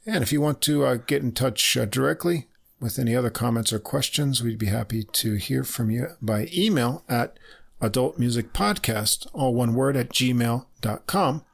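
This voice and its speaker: A man's voice: mid-range voice, normal speed, gravelly, breathy edge. A man co-hosting a casual podcast, easygoing and full of "uh" fillers. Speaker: podcast co-host.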